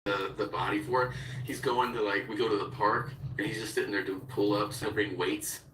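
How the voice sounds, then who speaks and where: A low-voiced man in his thirties tells stories in a casual podcast chat, laughing often and putting on quoted voices. His tone is bright and forceful. The sound is roomy and a little off mic, with faint background noise. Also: steady tone, a little fast, recorded from a distance. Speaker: guest.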